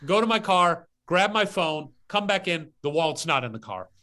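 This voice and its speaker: A man's voice: on the high side, sing-song, normal speed, bright, forceful tone. A man hosting a podcast, telling a casual story outdoors and animatedly acting out his own part. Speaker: podcast host. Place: outdoors as rain starts.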